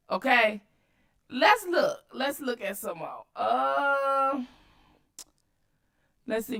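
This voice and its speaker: A woman hosting her own channel, giving loud, cussing commentary on video clips and talking straight to her viewers. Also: high-pitched. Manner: animated, cussing, addresses viewers directly. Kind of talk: casual commentary while watching clips.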